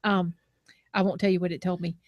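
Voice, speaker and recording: A woman's voice: lowish voice, little pitch movement, brisk, dry recording, muffled recording. A middle-aged woman co-hosting a podcast, chatting casually in a teasing, playful way and laughing often. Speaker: podcast co-host. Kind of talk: casual chat.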